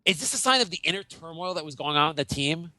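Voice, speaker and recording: A man doing a bright, outraged sports pundit. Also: fairly high pitch, animated, fast talker, dry recording. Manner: theatrical outrage, stammering, sarcastic. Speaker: podcast host. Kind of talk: mock sports-show rant.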